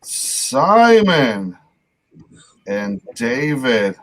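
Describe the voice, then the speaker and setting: A man's voice: medium pitch, sing-song, extremely slow. Middle-aged man, podcast host, casual rambling talk, mid-range voice. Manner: loose, rambling, swears casually. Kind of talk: casual chat.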